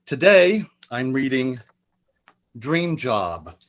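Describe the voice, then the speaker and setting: A man's voice: mid-range voice, very animated, very slow. A man, a poet and spoken word artist, introducing himself and then performing a dramatic spoken word piece over a video call.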